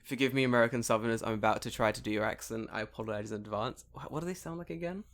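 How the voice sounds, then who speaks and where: A man in his late twenties co-hosts a casual podcast chat, telling stories with tons of energy in a medium-pitched, rapid-fire voice. He swears freely and laughs often.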